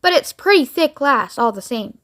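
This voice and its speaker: A giddy, eccentric male candy maker gushes in quick bursts of delight, as a woman puts him on. The voice sits high and bright, bubbling over with excitement in a storybook read-aloud. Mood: cheerful. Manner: bubbly, rapid, exclamatory.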